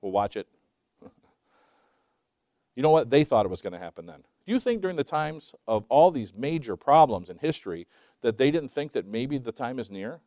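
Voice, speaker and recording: A preaching man in his sixties who asks rhetorical questions and swings between loud emphasis and hushed asides. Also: mid-range voice, very animated, normal speed, no echo, clean studio sound. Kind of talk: sermon.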